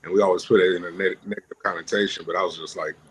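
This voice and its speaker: A man talking as a podcast guest, telling his business story in an animated way and often laughing. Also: sits low, rapid-fire, a little hiss or hum. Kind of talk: casual storytelling.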